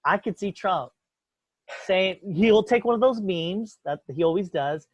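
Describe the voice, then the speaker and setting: A man's voice: high voice, animated, measured pace, dry recording. A man hosting a podcast, talking in a profane, heated, rambling way. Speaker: podcast host. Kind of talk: casual opinionated chat. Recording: dull lo-fi dry recording.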